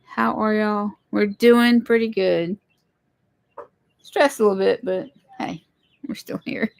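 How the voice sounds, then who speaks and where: A woman's voice: medium pitch, steady tone, slow, gravelly. Chatty woman hosting a livestream. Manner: chatty, greets viewers, apologizes for tech trouble. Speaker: livestream host, homesteader. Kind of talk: casual livestream chat. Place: home.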